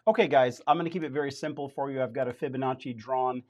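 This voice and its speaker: A man's voice: medium pitch, fairly even intonation, quick pace, a little mellow. A man acting as the show's chart analyst, explaining levels in a plain, step-by-step way.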